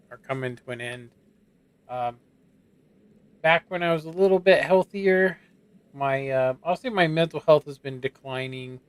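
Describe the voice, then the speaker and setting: A man in his forties giving casual, rambling gameplay commentary in a monotone voice while streaming. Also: medium pitch, clear, resonant tone. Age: 40s. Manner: monotone, rambling, self-doubting.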